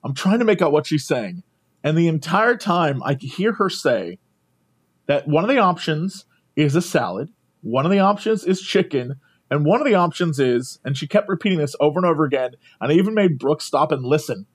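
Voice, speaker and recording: A podcast co-host spins a travel anecdote in a casual, animated way, breaking into laughter and playing the people in it. His voice sits high and swoops all over. He sounds like he is talking into a poor microphone. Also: moderate pace, breathy edge. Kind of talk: casual chat, storytelling.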